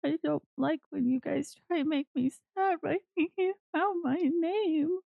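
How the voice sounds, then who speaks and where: A woman's voice: deep voice, fairly even intonation, quick pace, no room sound, narrow, tinny audio. Woman voicing a sulky child ghost, petulant and teasing. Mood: whiny.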